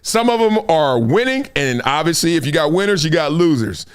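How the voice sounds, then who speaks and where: A man with a higher-than-usual voice hosts a live sports show. His pitch swings widely as he preaches, acts out little scenes and breaks into laughs. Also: big pitch swings, normal speed, clear, resonant tone. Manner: preachy storytelling, acts out quotes, laughs often. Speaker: host. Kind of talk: animated sports talk.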